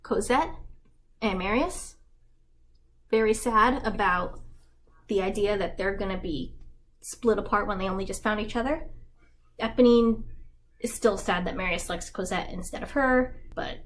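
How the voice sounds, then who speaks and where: Brief: woman YouTuber, casual and wry recap, mid-pitched voice. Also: a little slow, pauses often, slight background noise. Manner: chatty, irreverent, wry. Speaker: YouTube creator. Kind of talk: casual story summary.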